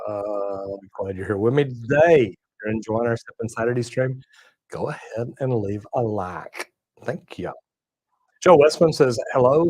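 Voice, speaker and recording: A man's voice: on the low side, darkish tone, breathy edge, dry recording, low-quality recording. Folksy man hosting a livestream. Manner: folksy, drawling, says y'all and man. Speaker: plumbing channel host reading live chat. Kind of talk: casual livestream chat.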